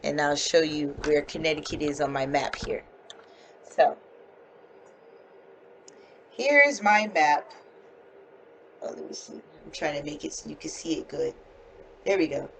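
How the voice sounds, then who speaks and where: Slow, patient North American woman teacher. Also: sits low, a little hiss or hum, rough recording. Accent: standard North American. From United States. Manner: slow, clear, patient explaining. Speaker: online English teacher. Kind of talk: one-on-one online English lesson.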